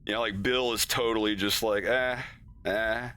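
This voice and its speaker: Bright-voiced man rambling on a stream. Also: lowish voice, steady tone, brisk. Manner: rambling, laughs often, acts out characters' lines. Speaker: animator streaming his work. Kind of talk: casual stream chat.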